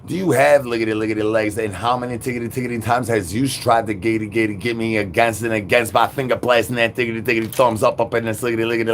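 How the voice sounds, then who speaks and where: A man's voice: mid-range voice, a little hiss or hum. A man, rambling through an absurd monologue with sing-song rhyming babble and nonsense words. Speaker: livestream host.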